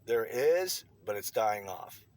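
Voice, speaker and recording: A man's voice: lowish voice, very animated, slow pace, a little mellow. A man delivering a blunt, profane opinion rant to his online viewers. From United States. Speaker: vlogger.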